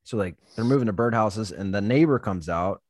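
Dude telling a crazy tree job story, cusses constantly, laughs a bunch, does voices for people, dry room sound. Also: male voice, on the low side, expressive, brisk, dry recording. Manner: swears a lot, laughs often, acts out quotes. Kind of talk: casual storytelling chat.

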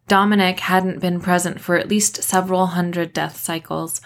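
A woman author reading her own novel aloud in a measured first-person narration. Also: lowish voice, fairly even intonation. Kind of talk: audiobook narration.

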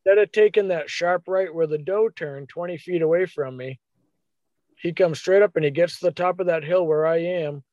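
Guy telling a hunting story, kinda high voice, dry and a bit dull sounding. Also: normal speed, dry recording. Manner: animated, acts out his own thoughts in quotes. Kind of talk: casual storytelling.

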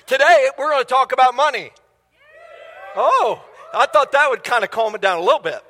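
A man's voice: very high-pitched, animated, normal speed, bright, forceful tone. A man preaching a sermon as a guest speaker in a church, enthusiastic and conversational, often asking the congregation questions. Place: church sanctuary. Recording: long church hall reverb.

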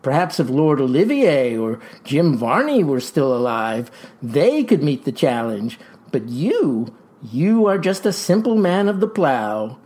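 An actor playing a folksy farmer pitching a tonic in a comic ad, with verbose, showman's patter. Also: big pitch swings, unhurried, darkish tone. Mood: boastful pitch. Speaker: pitchman in a mock radio ad. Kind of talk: comic radio ad acting.

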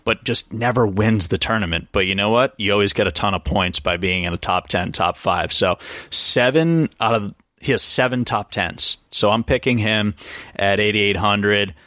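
A man's voice: fairly low pitch, normal speed, no echo, studio quality. A man co-hosting a golf podcast, casually running through his picks with jokes and asides. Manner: relaxed, joking, rambling picks. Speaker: podcast co-host. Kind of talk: casual golf betting chat.

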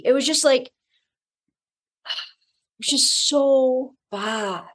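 A woman with a fairly high voice talks through a movie in casual chat. She is blunt and sarcastic, and her delivery is animated. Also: slow, long pauses. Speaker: podcast co-host.

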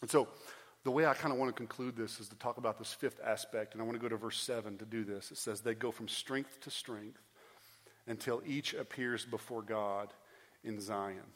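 A man in his thirties preaching an earnest sermon as pastor, often restarting phrases and building to loud, emphatic pleas. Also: on the low side, fairly even intonation, moderate pace. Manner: frequent restarts and repeated phrases. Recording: preached in a large reverberant hall.

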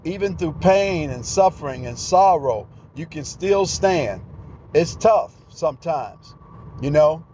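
A man's voice: on the high side, expressive, slow pace, darkish tone. A man preaching a podcast sermon in an earnest, plain-spoken way. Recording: dull lo-fi sound, faint outdoor traffic noise.

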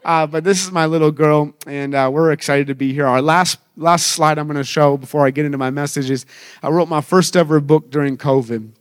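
A man's voice: on the high side, steady tone, a little fast, clear, resonant tone. A man in his thirties, a traveling evangelist, preaching a sermon with upbeat storytelling and self-mocking humor.

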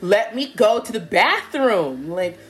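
A young woman with a mid-range voice tells a story at a slow pace in casual chat. She's animated and laughs as she acts out what people said.

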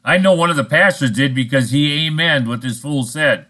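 A man's voice: on the high side, normal speed, hardly any pauses, pushed and bright. A man preaching a sermon in a blunt, scolding, sarcastic manner. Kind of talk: recorded sermon monologue.

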